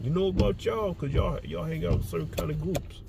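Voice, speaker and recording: A man's voice: on the high side, brisk, gravelly. A man giving a heated, blunt commentary rant, profane and repeating himself, recorded outdoors near traffic. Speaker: social commentator.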